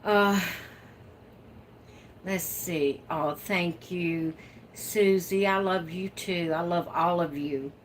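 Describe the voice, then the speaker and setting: A woman's voice: fairly low pitch, takes it slowly, pauses often, a little hiss or hum. A woman hosting her own livestream from home, chatting casually and laughing often as she reads out viewer comments. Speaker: livestream host. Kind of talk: casual live chat reading viewer comments.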